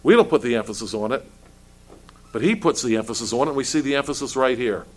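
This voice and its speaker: A man's voice: medium pitch, animated, quick pace. A male pastor preaching a sermon, asking pointed rhetorical questions and stumbling over restarts as he builds his points.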